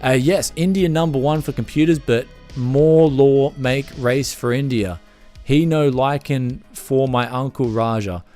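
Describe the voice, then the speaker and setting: A man voicing a male viewer's donation message in slow, clipped, broken phrasing. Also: mid-range voice, warm tone, faint music behind, natural voice. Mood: pleading.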